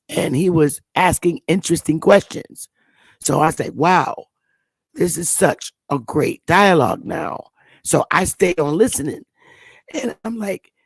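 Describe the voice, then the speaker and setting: A woman's voice: low voice, a little mellow, husky, dry recording. Woman telling a story in a dry close voice. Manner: rambling, repeats and restarts words. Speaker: channel host. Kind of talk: casual storytelling monologue.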